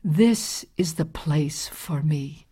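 A tired, gentle old woman from a storybook, read aloud by a woman, speaking low and slow with a soft, worn-out voice. She sounds weary of a life of work, but she holds her ground when pushed. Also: slightly rough, exaggerated voice. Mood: content.

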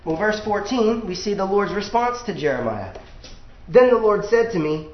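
High-voiced preacher in an echoey room. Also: male voice, moderate pace. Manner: animated, acts out quoted voices. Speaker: pastor. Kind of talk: sermon. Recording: echoey room, dull lo-fi sound.

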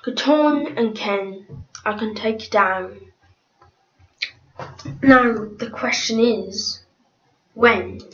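A woman's voice: on the high side, very slow, long pauses, fairly bright tone. A woman voice acting in a fan drama, talking to herself in a determined way. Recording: dull lo-fi recording.

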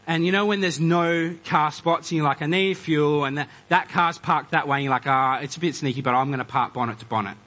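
A man preaching a conversational sermon, animated and acting out quoted voices. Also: a little high, low-quality recording. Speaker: pastor.

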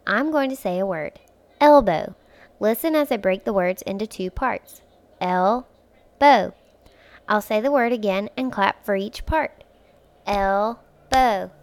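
A woman hosting a phonics lesson for young children, speaking clearly and patiently, stretching words out syllable by syllable and encouraging the listener. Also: mid-range voice, lively intonation, moderate pace. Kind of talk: slow, clear instructional speech for young children.

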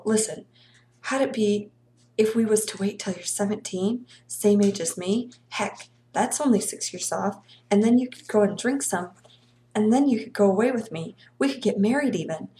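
A woman's voice: medium pitch, dark tone, lightly acted. A woman voicing an eager seventeen-year-old country boy who talks in a folksy, coaxing way.

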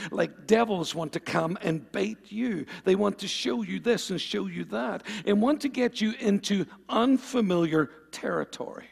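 Man preaching hard, raspy gravelly voice, kinda high, echoey church hall. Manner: fervent, calls for amens, swings between loud and quiet. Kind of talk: sermon.

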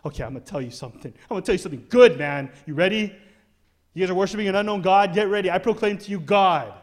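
A man's voice: high-pitched, fast talker, natural voice. A pastor voicing a bold male apostle as a blunt, casual street preacher. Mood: brash.

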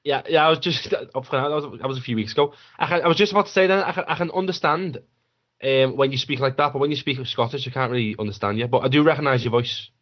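Blunt sweary radio host. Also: male voice, mid-range voice, fast talker, lo-fi sound. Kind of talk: casual radio phone-in.

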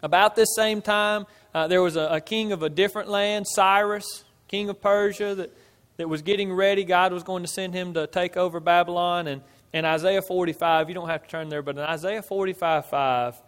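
A man preaching a sermon and reading scripture aloud, emphatic, swinging between loud and quiet. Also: sits high, steady tone, normal speed, clean tone. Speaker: pastor. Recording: long hall reverb.

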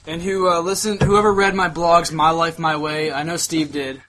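A young man hosting a podcast, speaking earnestly and haltingly, full of fillers, holding back tears. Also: fairly high pitch, little pitch movement, background noise. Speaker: podcast host. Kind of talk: casual chat.

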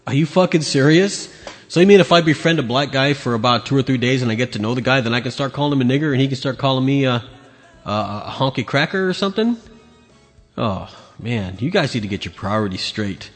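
In a large hall, this podcast host rants alone about his opinions, animated and fairly quick in a medium-pitched voice. He's blunt and sarcastic, swearing heavily.

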